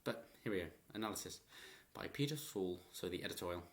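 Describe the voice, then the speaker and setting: A man's voice: low-pitched, lively intonation, fast talker. A man giving rambling, opinionated political commentary in a vlog and chuckling often.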